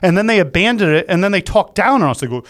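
A man's voice: high voice, animated, fast, fairly bright tone, no room sound, clean studio sound. A man hosting a podcast in casual chat, rambling and self-mocking as he jokes. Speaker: podcast host.

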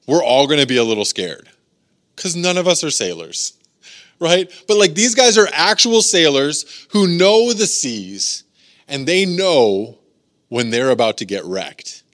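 A pastor with a slightly high voice gives a loose, conversational sermon. He talks with plenty of "like" and "you know," and he acts out voices as he goes. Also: a bit bright. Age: adult, has daughters. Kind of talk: casual youth sermon.

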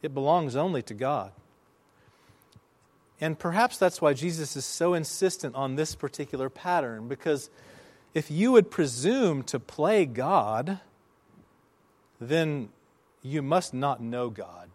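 A man preaching a sermon, telling a story with slow, emphatic phrasing and dramatic pauses. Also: fairly high pitch, lively intonation, darkish tone. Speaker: pastor.

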